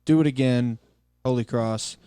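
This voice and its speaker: A man's voice: mid-range voice, normal speed, warm tone, smooth, no room sound. A man on a sports podcast panel, teasing and drawing out his pick. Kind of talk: casual sports banter.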